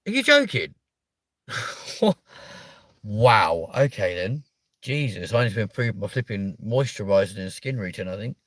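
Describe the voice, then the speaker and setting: British livestream host, 30s, jokey and mock-offended, animated delivery, dry close mic. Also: male voice, lowish voice, measured pace, pauses often, dry recording. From United Kingdom. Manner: playful, mock-offended, swears casually. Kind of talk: casual live chat reading viewer comments.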